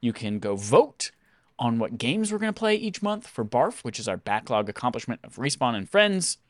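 A man's voice: mid-range voice, moderate pace, no room sound. A man hosting a podcast, talking in a casual, jokey way as he signs off the show into a studio microphone. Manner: jokey, animated. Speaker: podcast host.

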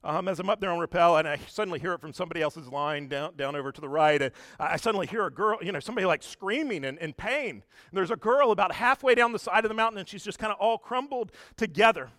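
A man giving a sermon as a lively, conversational story, often turning to talk straight to his listeners. His voice sits high and sounds bright and forceful. The recording is dry, with almost no room sound. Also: quick pace, hardly any pauses, dry recording. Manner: animated, chatty, addresses the congregation directly. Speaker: pastor.

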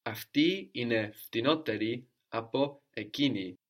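A man's voice: medium pitch, unhurried. A man teaching a Greek lesson, patiently explaining grammar step by step and prompting his student with questions.

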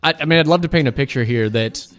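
A man co-hosting a comedy radio show, teasing his partner in wry, deadpan banter. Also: mid-range voice, fast, faint music behind. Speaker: radio DJ co-host.

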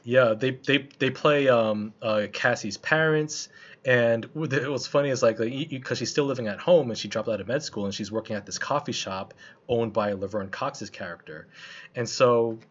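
A man's voice: medium pitch, moderate pace, fairly bright tone. A man chatting casually about a film he saw, loose and colloquial, with lots of restarts and fillers. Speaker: film reviewer. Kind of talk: casual film review chat. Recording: slightly muffled lo-fi recording.

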